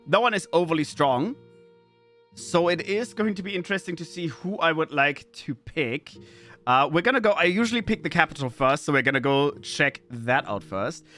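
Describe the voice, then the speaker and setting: A man's voice: fairly high pitch, pushed and bright. A man, streaming a game in chatty commentary, often laughing and reading game text aloud. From Austria. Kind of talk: gameplay commentary.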